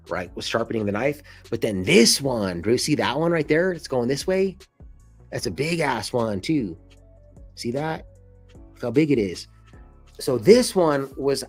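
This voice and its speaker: A man in his twenties telling a casual story to camera, swearing freely and calling the listener dude and bro. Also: slightly rough. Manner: acts out quoted lines in a much higher excited voice. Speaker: vlogger. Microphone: camera mic, showing scars to camera.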